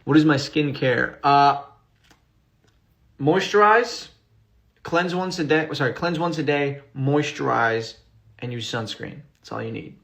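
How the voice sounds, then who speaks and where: A man's voice: fairly high pitch, measured pace, gravelly, a bit bright. A male actor casually reading out fan questions during a livestream and answering with fillers and restarts. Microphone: phone.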